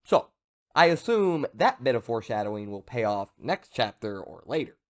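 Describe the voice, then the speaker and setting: A man's voice: mid-range voice, big pitch swings, moderate pace. A young man casually recapping a manga chapter, rambling with joking asides and lots of fillers. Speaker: manga reviewer.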